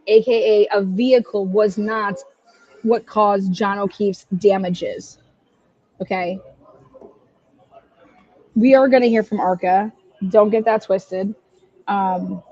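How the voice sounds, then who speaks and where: A woman's voice: mid-range voice, warm tone. Woman ranting profanely, dull lo-fi audio. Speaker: livestream host. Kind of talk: heated true-crime livestream commentary.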